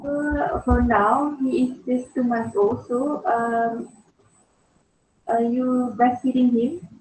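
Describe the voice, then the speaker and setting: A woman medical student works through a patient history, asking polite questions that stall on frequent fillers. Her fairly high voice rings in a roomy, echoey space with a faint hiss behind it. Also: steady tone, slow, darkish tone, distant mic. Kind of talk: mock clinical history-taking. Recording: echoey room with faint noise.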